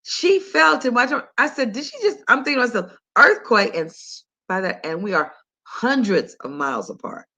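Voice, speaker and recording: An older woman hosting a health talk, telling a story in a chatty, animated, conversational way. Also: mid-range voice, normal speed. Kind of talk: casual monologue to listeners.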